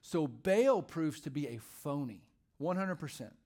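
A man's voice: fairly high pitch, expressive, measured pace, darkish tone. A male pastor preaching a sermon in a conversational, humorous storytelling way.

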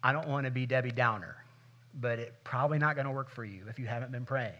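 A man's voice: mid-range voice, fast, bright, forceful tone, muffled recording. A middle-aged male pastor preaching a sermon in a conversational, humorous way, acting out little scenes.

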